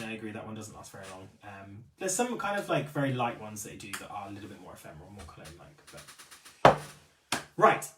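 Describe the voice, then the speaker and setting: A chatty man hosting a live stream, his pitch swinging up and down as he reads out viewer comments. He sounds set back from the mic in a roomy, echoing space. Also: distant mic, heavy background noise. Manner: chatty, apologetic and animated. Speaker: livestream host for a beauty retailer.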